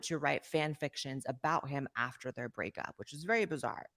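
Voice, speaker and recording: A narrator reading a scripted commentary video in a brisk, sardonic manner. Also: mid-range voice, sharp tone.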